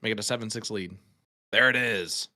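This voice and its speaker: Male darts commentator, bright tone, playful banter. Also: fairly low pitch, moderate pace. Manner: joking, banters with co-host. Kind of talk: live sports commentary.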